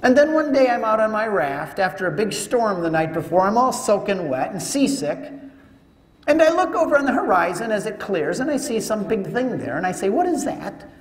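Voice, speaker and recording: An older man tells a lively story to an audience, his voice pitched high and bright for a man. The sound rings through a large, echoey hall with a long reverb tail. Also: fairly quick. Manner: animated storyteller acting out dialogue. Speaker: speaker. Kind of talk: storytelling talk to a live audience.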